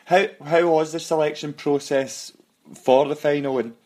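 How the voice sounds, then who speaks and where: A man interviewing a guest, asking long halting questions with many restarts. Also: on the high side, steady tone, darkish tone.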